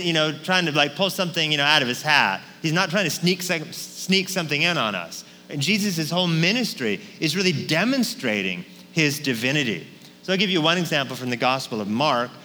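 A man preaching a sermon in a relaxed, conversational way, often tossing a "right?" to his listeners. His voice is fairly high and notably bright. The recording carries a long hall reverb and a faint hum underneath. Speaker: pastor.

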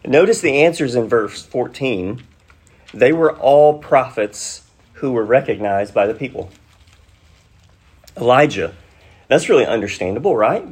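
A male preacher who unpacks scripture at an unhurried pace, pausing to ask his listeners questions. His voice has a husky, slightly breathy edge, and he keeps a teacherly tone that sits in a mid pitch. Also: darkish tone. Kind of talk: expository sermon.

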